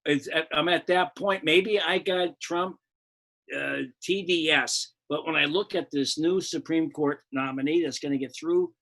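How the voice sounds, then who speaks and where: A man's voice: a little high, fairly even intonation, measured pace, bright, forceful tone. Heated, profane older American man. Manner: profane, rambling, heated, many restarts. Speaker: comedian and show host. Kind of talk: profane comedic political rant.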